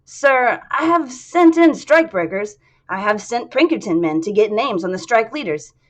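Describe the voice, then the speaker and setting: A woman's voice: on the high side, animated, normal speed, pitched above the performer's own voice. Woman doing a tired ex-cop security chief. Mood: defensive. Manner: clipped, defensive reporting. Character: hard-pressed male security chief, ex-cop.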